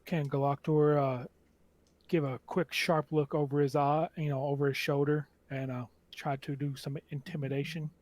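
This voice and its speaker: A man playing his character in a tabletop game, with quick sarcastic retorts. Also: on the high side, flat delivery, a little mellow, no room sound. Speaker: player.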